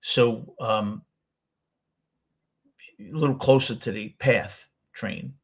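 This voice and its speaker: An older New York man hosts a casual storytelling session, wandering through a long personal tale and frequently stopping to correct himself. His husky voice sits at an ordinary pitch, and he takes it slowly.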